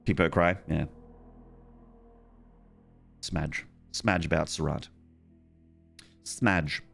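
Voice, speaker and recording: A man's voice: very deep voice, steady tone, extremely slow, gravelly, fairly bright tone, soft background music. A young man streaming a game, chatting casually and joking with his viewers in a rambling way. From Australia. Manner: rambling, joking, talks to chat. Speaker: gaming streamer. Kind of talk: casual live-stream chat.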